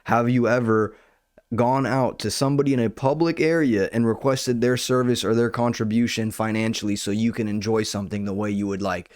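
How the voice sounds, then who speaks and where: A man's voice: medium pitch, normal speed, no echo. A young man hosting a podcast, telling a rambling, profane story about his work at a club door in a casual way. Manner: profane, rambling, animated retelling. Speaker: podcast host; nightclub door staff. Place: home kitchen.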